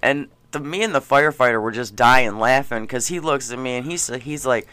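Brief: man, bright crisp voice, animated storyteller who laughs a lot. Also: medium pitch, fairly quick, dry recording. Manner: animated storyteller, laughs often, acts out quotes. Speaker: gas station clerk. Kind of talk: casual chat, storytelling.

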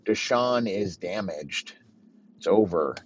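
A man's voice: sits low, expressive, slow pace, slightly rough, muffled recording. A man giving a rambling, crude comedic rant, swearing constantly.

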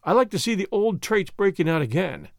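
A man reading aloud and voicing a shrewd, unflappable English gentleman who teases his nervous old school friend in a jovial, easygoing way. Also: high voice, very animated, a little fast, no echo, clean studio sound. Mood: amused. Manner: jovial and teasing.

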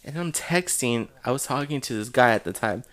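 A man's voice: mid-range voice, expressive, a little fast, fairly bright tone. A young man telling his side of a party story in a casual chat, dramatic and profane, often laughing.

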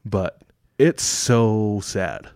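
A man with a fairly low voice talks through a story in a loose, casual podcast chat. He fills gaps with "like" and "you know". The sound is dry and close to the mic. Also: extremely slow, a little mellow, clear, resonant tone, dry recording. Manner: laid-back storytelling with many fillers. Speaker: podcast co-host.

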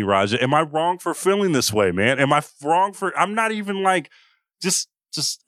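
A young man co-hosting a sports podcast, talking fast and heated, often restarting his sentences. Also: mid-range voice, a bit bright, no room sound. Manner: impassioned, ranting with many restarts. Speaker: podcast co-host. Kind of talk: casual sports chat.

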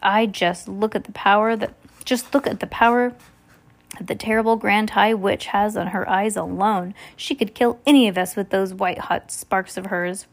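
A woman reading as a shrewd, excitable old grandmother. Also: mid-range voice, moderate pace, close to an everyday voice. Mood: excited. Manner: eager, urgent questioning.

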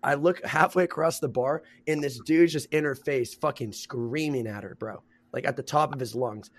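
A man's voice: mid-range voice, moderate pace. A young man hosting a podcast, telling a story in casual chat, rambling and full of slang, laughing often. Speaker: podcast host.

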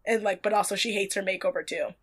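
A woman's voice: mid-range voice, fast talker, fairly bright tone. A woman co-hosting a casual chat show, wry and chatty, stretching words out for emphasis. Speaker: podcast co-host recapping a reality show.

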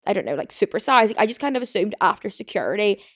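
A young woman rants to her listeners at a breakneck clip, piling on fillers and swear words as she tells her story. Her voice sits at an ordinary middle pitch. It is recorded dry and close, with no room sound. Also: expressive, a bit bright, no echo. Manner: fast chatty storytelling with frequent swearing and fillers. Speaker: podcast host. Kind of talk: casual solo rant.

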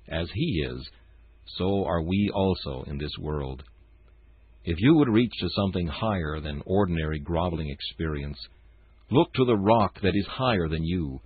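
A man reading a morning devotional in a solemn, measured way. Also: sits low, slightly rough, no echo. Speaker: devotional reader. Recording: tinny phone-like dry sound.

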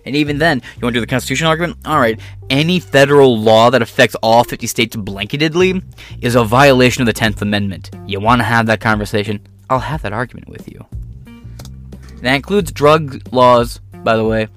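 A man rants through political commentary, swearing freely and sounding combative and sarcastic. His voice sits at an ordinary mid pitch. Faint music plays behind him. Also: brisk, a bit bright.

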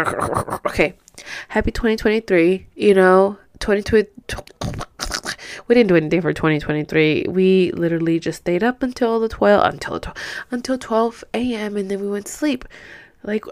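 Woman, young, casual podcast host, chatty, rambling, tired. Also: mid-range voice. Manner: chatty, rambling, says "girl" and "you know" a lot. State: tired, rubbing her eyes. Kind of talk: casual solo podcast chat.

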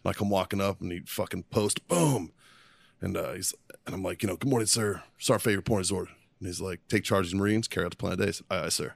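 A man with a fairly low voice tells rowdy military stories, cursing and laughing as he goes. The sound is dry and close, with no room around it. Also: fast, gravelly, dry recording. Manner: profane, animated, laughing storyteller. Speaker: podcast co-host. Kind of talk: casual storytelling.

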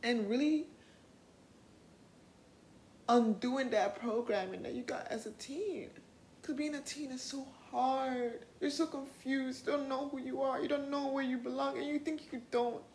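A young woman hosting a self-help podcast, talking in an earnest, animated way, laughing often and swearing casually. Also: high voice, a little slow, echoey room, slight background noise, rough recording. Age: young adult. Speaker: podcast host.

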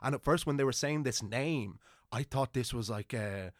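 A man's voice: medium pitch, normal speed, dry recording. Irish man telling a story, dry close sound. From Ireland. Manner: animated anecdote telling with frequent "like" fillers and laughs. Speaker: podcast guest, singer and storyteller. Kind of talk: casual storytelling chat.

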